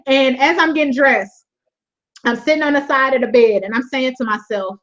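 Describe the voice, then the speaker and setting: Woman webinar host, high voice, laughs often, preachy repetition, dull lo-fi audio. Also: measured pace, fairly bright tone. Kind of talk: motivational faith talk.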